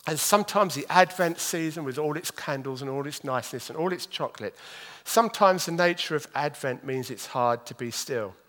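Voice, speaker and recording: Male preacher, higher-pitched, animated and self-deprecating, deliberate scripture reading. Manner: animated, self-deprecating, moves his arms as he talks; reads scripture slowly and deliberately. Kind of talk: sermon.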